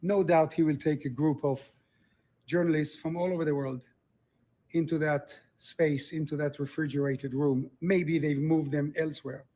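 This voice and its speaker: An older man speaks in an earnest, confiding way in a recorded interview clip. His voice sits a little higher than most men's. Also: steady tone, moderate pace, mellow, slight background noise.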